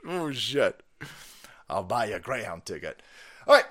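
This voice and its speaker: A man's voice: mid-range voice, big pitch swings, slow, long pauses, background noise. A man hosting a livestream, ranting about politics in a profane, mocking way and laughing often. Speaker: livestream host. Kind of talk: foul-mouthed political comedy rant.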